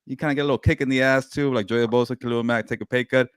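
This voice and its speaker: A man co-hosting a casual sports podcast, measured and adding his own comparisons between filler words. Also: medium pitch, steady tone, clear, resonant tone, no echo, clean studio sound. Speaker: podcast co-host.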